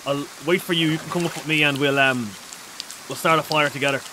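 A man streaming a survival game, chatting excitably with a teammate and shouting out viewers' chat messages. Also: a little high, fairly quick, noisy background. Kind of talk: casual gaming livestream chat.

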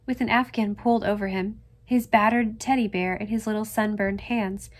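A woman reading a classic novel aloud as narrator, gentle and measured. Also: medium pitch. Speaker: audiobook reader. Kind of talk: scripted narration.

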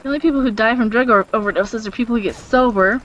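A woman's voice: a little high, fast, fairly bright tone, highs cut off, a little hiss or hum. A woman in her thirties chatting and giggling while watching a game, giving blunt opinions. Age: 30s. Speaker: co-commentator. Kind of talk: casual chat over gameplay.

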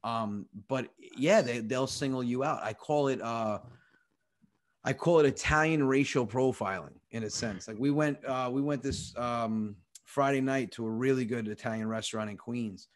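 A young American comedian, guesting on a podcast, tells comic stories with animated energy, acting out the people he quotes and swearing freely. His voice is mid-range and his speed normal.

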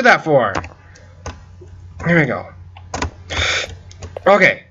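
A man giving casual gameplay commentary, frustrated and swearing loudly as he plays, while feeling unwell with a headache. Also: mid-range voice, unhurried, lo-fi sound, slight background noise. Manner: frustrated, swearing, loud outbursts. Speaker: gaming video creator.

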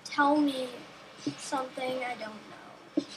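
A woman with a high, steady voice talks slowly while playing a game, over some background noise. Her commentary is casual and rambling, and she talks to herself and cracks jokes as she goes.

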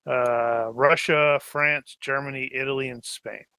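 Bright-voiced rambling game master, a man. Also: mid-range voice, steady tone, measured pace, clean tone, no echo. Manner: rambling, joking, trails off searching for names. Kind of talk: casual chat while planning a tabletop game.

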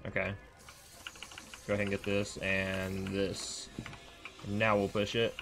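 A man streaming a video game, reacting with excited, profane casual commentary. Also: low-pitched, slow.

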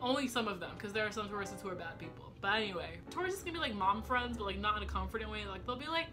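A young woman chatting fast and rambling to camera at home, swearing often, with a slight speech impediment. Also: medium pitch, expressive, over music. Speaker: vlogger. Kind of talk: casual chat to camera. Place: home room.

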